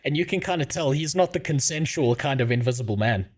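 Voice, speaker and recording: A man's voice: mid-range voice, quick pace. A young man telling a crude comic story at home on a stream, swearing often and laughing as he goes. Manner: profane, laughing, animated.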